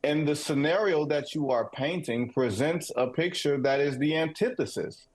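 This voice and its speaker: A man from Detroit co-hosting a sports talk show, measured and deliberate in debate. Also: a little high. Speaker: co-host.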